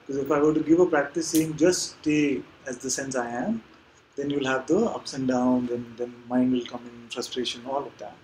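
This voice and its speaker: A man teaching at a live spiritual gathering, answering questions gently and patiently, often checking in with little tag questions. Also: medium pitch, steady tone, normal speed, a little hiss or hum, poor audio.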